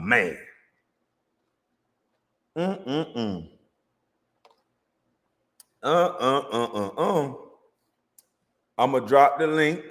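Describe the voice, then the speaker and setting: A man's voice: medium pitch, fairly bright tone. A man ranting boastfully and brashly in a casual vlog, speaking straight to viewers. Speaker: vlogger. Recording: long reverb.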